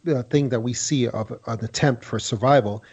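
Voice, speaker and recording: Former-agent male guest, measured and hedging, husky voice on a muffled line. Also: medium pitch, darkish tone. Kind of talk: casual interview talk.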